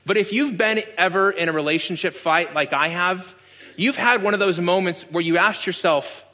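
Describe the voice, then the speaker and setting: A man's voice: sits high, moderate pace, sharp tone. A man in his thirties, a pastor preaching a sermon, telling stories earnestly with flashes of dry sarcasm.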